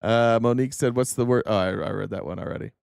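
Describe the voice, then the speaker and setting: A man's voice: medium pitch, fast, vocal fry, a little mellow, clean tone, dry recording, clean studio sound. A man in his thirties from the United States, hosting a live-stream and ranting angrily with profanity. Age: 30s. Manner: angry, profane, repetitive. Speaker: show host. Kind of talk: live-stream political rant.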